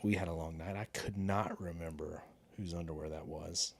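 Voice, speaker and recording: A man's voice: sits low, fairly even intonation, moderate pace, vocal fry, slightly rough. A man co-hosting a podcast, telling a rambling story in casual chat and laughing often. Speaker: podcast co-host.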